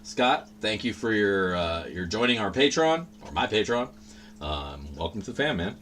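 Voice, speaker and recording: Lively, bright-voiced man rambling casually. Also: lowish voice, moderate pace, slight background noise. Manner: rambling, profane, laid-back. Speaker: livestream host. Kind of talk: casual livestream chat.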